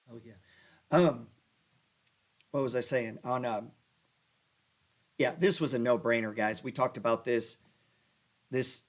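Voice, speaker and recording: A man hosting a casual stock trading show, rambling and cursing as he talks through charts and breaks into loud rants. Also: medium pitch. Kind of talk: casual livestream chat over stock charts. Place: lives in New Orleans.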